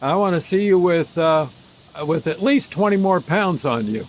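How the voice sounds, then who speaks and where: A gruff, commanding old Army doctor, blunt and folksy, his voice pitched a notch higher than normal speech, as a man in his seventies puts him on. Faint crickets chirp in the background. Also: expressive, moderate pace, slight background noise, lightly acted, low-quality recording. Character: blunt older male ex-Army doctor, bossy.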